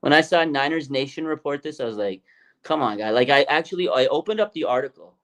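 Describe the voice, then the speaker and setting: A man's voice: mid-range voice, animated, quick pace. A man hosting a casual sports livestream, often laughing and mocking rumors while reading out chat comments. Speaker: sports show host. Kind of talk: casual live-stream commentary.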